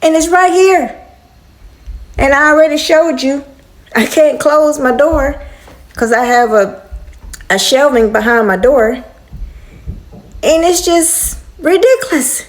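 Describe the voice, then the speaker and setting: A woman's voice: sits high, slow pace, pauses often. A woman venting in a casual home vlog, exasperated and talking straight to her viewers. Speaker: vlogger. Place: apartment at home.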